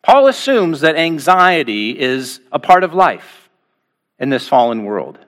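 A man preaching a sermon to his congregation, asking rhetorical questions and slowing down with deliberate pauses on key phrases. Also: fairly high pitch, very animated, a bit bright. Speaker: pastor.

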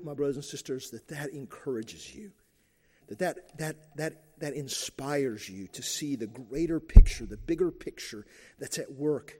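A man's voice: mid-range voice, dark tone. A man preaching a sermon as pastor, earnest and emphatic, often restarting phrases as he builds to a point. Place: church sanctuary. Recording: church recording with long hall reverb.

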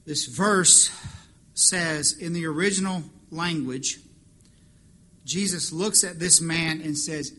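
A man's voice: fairly high pitch, slow, sharp tone. A man preaching a sermon as pastor, impassioned and rising to emphatic peaks. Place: church fellowship hall.

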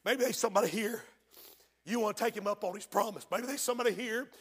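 Pastor, high ringing voice, hushed stories building to shouts, church reverb. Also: male voice, quick pace, slightly rough. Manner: swings from hushed storytelling to shouted fervent preaching. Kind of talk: sermon. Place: church sanctuary. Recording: long hall reverb of a church.

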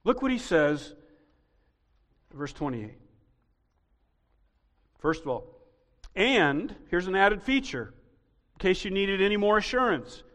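A male pastor delivers a sermon in a high voice at an unhurried pace. He explains patiently, then drives his point home with loud, emphatic stresses. The sound carries a long reverb from a large church room. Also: big pitch swings. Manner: emphatic, teaching, rising to loud stressed peaks. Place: church sanctuary.

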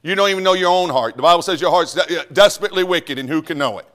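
A middle-aged man preaching a sermon in church. He talks animated, mimicking voices and dropping into quiet asides. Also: a little high, quick pace. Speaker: pastor. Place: church sanctuary.

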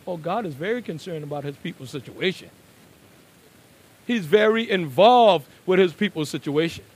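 A man preaching a sermon, moving between quiet, conversational asides and loud, emphatic declarations. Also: sits high, expressive, moderate pace, slightly rough, poor audio.

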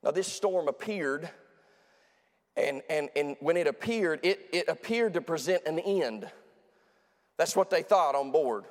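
A man's voice: fairly high pitch, lively intonation, a little slow, long pauses, big-room sound. A man preaching a sermon in an emphatic, repetitive way, often restarting his sentences.

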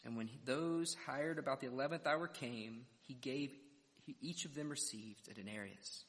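A man's voice: mid-range voice, normal speed, fairly bright tone. A man preaching an expository sermon verse by verse and retelling a parable dramatically. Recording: long reverb of a large hall.

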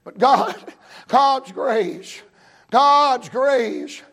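Male preacher with a very high voice, unhurried and fervent, hammering repeated phrases. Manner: emphatic, repetitive cadence, bursts into shouting. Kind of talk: fervent revival sermon. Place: church service.

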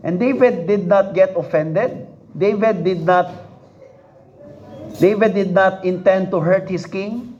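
Emphatic high-voiced preacher. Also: male voice, measured pace, pauses often, a little mellow, slight background noise. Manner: repeats phrases, emphatic, asks the congregation questions. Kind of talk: sermon. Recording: dull lo-fi recording.

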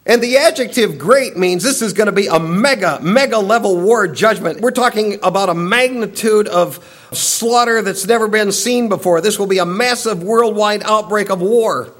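A man preaching a sermon, emphatic and repeating key phrases for weight, now and then dropping low and quiet. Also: normal speed.

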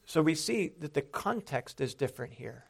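Gravelly-voiced man teaching a sermon. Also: on the high side, very animated, normal speed. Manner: explanatory, with emphatic rises on quoted lines. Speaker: Bible teacher.

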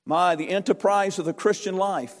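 A preacher with a high voice delivers a fervent sermon, repeating key phrases with emphatic cadence. His voice rings through the long reverb of a church sanctuary. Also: steady tone, moderate pace. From North Carolina, USA.

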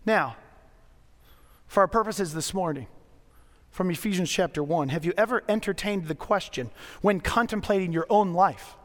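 A middle-aged man preaching a sermon as a pastor, telling stories in a conversational way with dramatic pauses. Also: high-pitched, fairly bright tone. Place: church sanctuary. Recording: long hall reverb.

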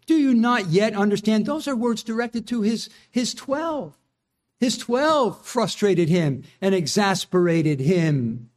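A man preaching a sermon earnestly, reading scripture and asking the listeners searching questions. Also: darkish tone. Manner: earnest preaching, rising in pitch when quoting. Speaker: pastor.

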